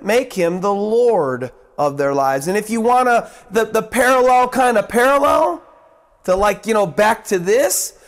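High-voiced man preaching slowly. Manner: preaching with dramatic swings from loud to hushed; repeats phrases for emphasis. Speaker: pastor. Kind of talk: sermon.

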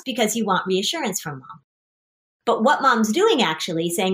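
A middle-aged woman speaks as a therapist and host, guiding a parent and child through their worries. Her voice sits at an ordinary pitch. She tells vivid stories and jumps into voices to act out scenes. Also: moderate pace. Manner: lively storyteller, acts out scenes with voices. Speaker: anxiety therapist and podcast host. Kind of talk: coaching a parent and child in session.

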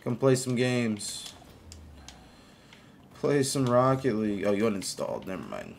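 A man streaming a game live, chatting casually with viewers, greeting them by name and reacting out loud to plays. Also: mid-range voice, big pitch swings, a little slow, creaky, slight background noise.

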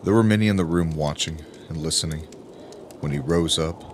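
A man narrating an audiobook in a grave, emphatic way with dramatic pauses. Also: rumbling low, noisy background. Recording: music playing under the voice.

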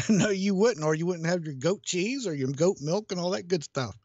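A man's voice: sits high, normal speed, darkish tone, dry recording, dull audio. A man co-hosting a casual radio show, chiming in with wisecracks and easy laughs. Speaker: radio co-host.

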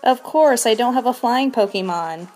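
A young woman streaming a video game, breathless and shaking with excitement, gushing and repeating her exclamations. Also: a little high, normal speed, soft background music. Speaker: shiny hunting streamer. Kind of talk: excited live game commentary.

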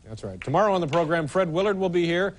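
A man's voice: on the high side, lively intonation, fast, slight background noise. A man hosting a talk show, bantering and giving introductions in a dry, teasing way.

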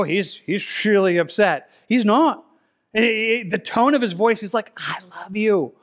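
A man with a fairly high voice preaches in a church, talking it through casually and pausing to read scripture slowly. He often stumbles and repeats a word, and keeps things plain and easy to follow. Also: a bit bright. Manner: conversational, repeats words, reads scripture slowly. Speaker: pastor. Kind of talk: expository sermon. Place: church sanctuary.

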